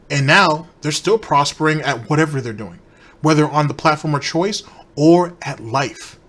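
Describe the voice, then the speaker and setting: A man's voice: fairly high pitch, normal speed, fairly bright tone. A man hosting a commentary show, delivering a heated, repetitive, accusatory rant aimed straight at one person. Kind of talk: ranting commentary.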